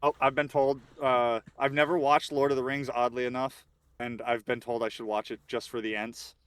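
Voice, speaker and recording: A man, a podcast guest, talking in casual chat with dry, understated, halting remarks. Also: mid-range voice, little pitch movement, fairly bright tone.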